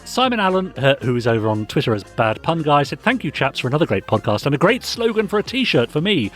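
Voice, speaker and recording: A man's voice: fairly high pitch, big pitch swings, quick pace, faint music behind. Chirpy man reading listener messages. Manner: playful, upbeat reading aloud. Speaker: podcast host. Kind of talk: casual podcast chat, reading listener messages.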